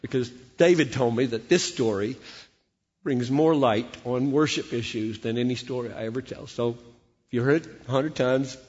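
A man in his sixties preaching a sermon, telling a story animatedly, acting out dialogue and repeating words when excited. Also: mid-range voice. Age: 60s. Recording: dull sound with long hall reverb.

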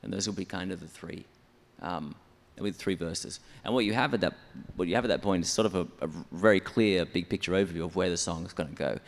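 Deep gravelly man explaining songwriting. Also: a little fast, few pauses, long reverb tail. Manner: methodical, explanatory, counts syllables aloud. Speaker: church songwriter. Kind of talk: explaining in an interview.

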